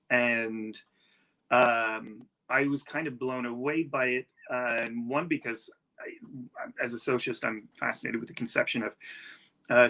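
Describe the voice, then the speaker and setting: A man's voice: medium pitch, creaky, bright, forceful tone. A male science writer speaking as a guest, enthusiastic and searching for words with many fillers. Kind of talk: conversational panel discussion.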